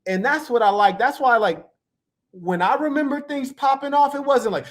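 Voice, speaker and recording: A man's voice: very high voice, normal speed. A man casually reacting to video clips, telling stories in a playful, slangy way. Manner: playful, animated storytelling with slang.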